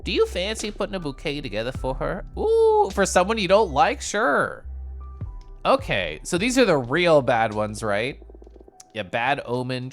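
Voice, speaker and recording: Bubbly streamer with squealy "ooh"s. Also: mid-range voice. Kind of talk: casual live-stream commentary.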